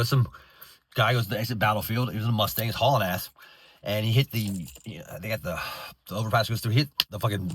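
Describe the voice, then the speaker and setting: A man's voice: lowish voice, fairly bright tone, slightly rough. A man in his thirties ranting bitterly in a profane, rambling way with many restarts. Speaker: veteran vlogger. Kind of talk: angry unscripted rant.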